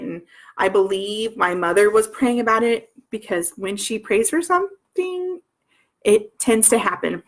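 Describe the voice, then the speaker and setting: This medium-pitched, fairly bright voice belongs to a woman in her thirties who homeschools her kids. She tells her personal story in a rambling way, with many restarts and asides.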